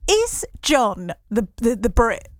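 A woman's voice: fairly high pitch, big pitch swings, slow, no echo, clean studio sound. A middle-aged woman hosting a casual morning radio show, bubbly and gushing, often trailing off and restarting.

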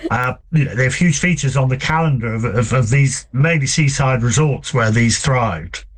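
A man, a book author answering interview questions in a relaxed, hesitant way with many fillers. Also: mid-range voice, moderate pace. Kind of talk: conversational interview.

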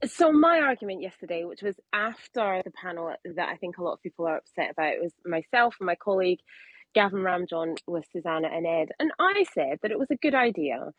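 A woman's voice: fairly low pitch, animated, fairly quick, breathy edge, dry recording, lo-fi sound. A woman interviewed as a guest on a radio phone-in, setting out her argument fluently with the odd filler. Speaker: guest commentator.

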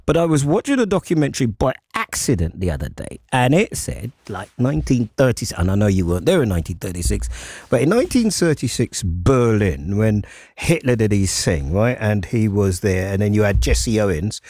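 A man's voice: on the low side, fairly quick, dry recording. A man hosting a live radio show, talking through stories with lots of lift and drop in his voice. He repeats himself and breaks off mid-sentence. He sits close to the microphone in a dry studio. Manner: animated storytelling, repeats words, interrupts himself. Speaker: radio host.

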